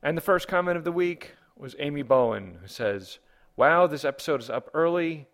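A man's voice: on the high side, lively intonation, normal speed. A man hosting a comedy podcast, reading listener comments and rambling through wry rhetorical questions. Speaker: podcast host.

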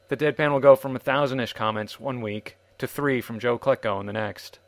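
A man hosts a podcast in a wry, self-deprecating read. His voice sits at a middle pitch and is recorded dry and close, with no room sound. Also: fairly quick, no room sound. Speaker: podcast host. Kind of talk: scripted podcast narration.

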